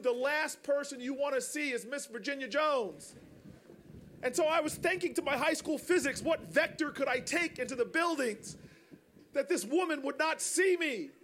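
A man giving a storytelling speech to an audience. He talks in an animated way, sometimes raises his voice, and repeats words. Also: very high-pitched. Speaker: public speaker.

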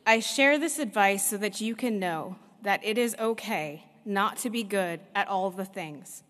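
A veterinarian giving a prepared commencement address, speaking in a measured, earnest way with deliberate pauses. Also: female voice, mid-range voice, a bit bright. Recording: long reverb of a large hall.

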